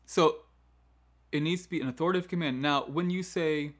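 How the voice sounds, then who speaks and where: A man's voice: on the high side, a little fast, a bit bright. Man teaching classroom management. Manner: demonstrates teacher commands in a firm, downward-inflected voice; conversational, with frequent "right?" asides and restarts. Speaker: choral music education host. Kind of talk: instructional talk on classroom management.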